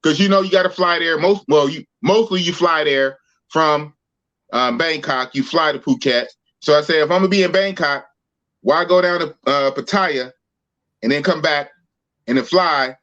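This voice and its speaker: A man from Oakland, California, hosts a podcast with slangy, playful casual chat. His voice sits notably high. The stream audio is dull and muffled. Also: normal speed, a bit bright. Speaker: podcast host.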